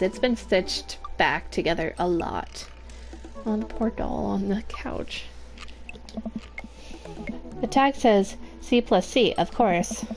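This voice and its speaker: A woman's voice: mid-range voice, darkish tone. A young woman reading a visual novel aloud, with chatty asides and giggles, over game music. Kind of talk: narrating a game playthrough.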